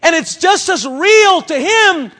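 A man preaching a sermon, swinging between loud outbursts and hushed, intimate asides. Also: very high-pitched, lively intonation, takes it slowly. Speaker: pastor.

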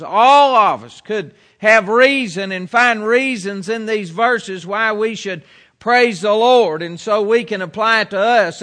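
Man, preacher, sermon, high bright voice, earnest and emphatic, middle-aged, from the US. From United States.

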